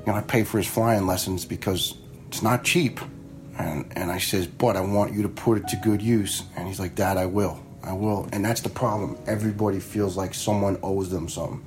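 Low-ish and darkish in tone, a retired fire lieutenant from around New York tells casual personal stories frankly and bluntly, swearing freely and voicing the dialogue he quotes.

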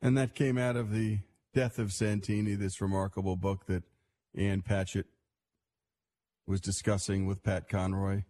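A man hosting a radio program and introducing a recorded clip in a measured way. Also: sits low, little pitch movement, mellow. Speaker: radio host. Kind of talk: broadcast introduction.

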